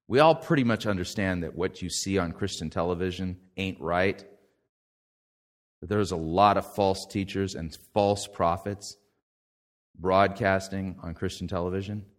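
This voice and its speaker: Animated male preacher in a reverberant hall. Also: low-pitched. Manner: animated, swings from quiet asides to loud emphatic quotes; conversational, folksy phrasing. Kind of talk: sermon.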